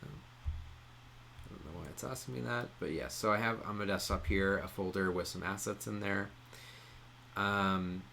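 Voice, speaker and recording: Man, lowish voice, relaxed screen-share tutorial, lots of ums, faint room hiss behind. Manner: relaxed, many "um" pauses, explains step by step. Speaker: streaming tutorial presenter.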